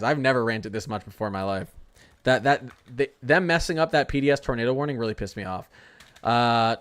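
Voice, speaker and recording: A man's voice: mid-range voice, clear, resonant tone. A young man hosts a casual live weather stream from his desk mic. He rambles, answers his chat, and slides into heated rants. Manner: rambling, ranting, talks to chat. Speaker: weather livestream host.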